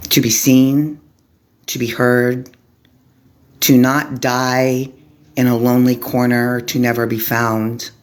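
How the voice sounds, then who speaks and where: A woman from Arizona giving an impassioned vlog monologue to camera, speaking slowly and deliberately in short, clipped lists. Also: very deep voice, little pitch movement. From Arizona, USA. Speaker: vlogger, formerly homeless advocate.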